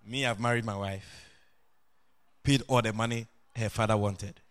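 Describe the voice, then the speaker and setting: A middle-aged man preaching a sermon as pastor, animated, with sudden shouted and sing-song rises. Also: lowish voice, moderate pace, smooth.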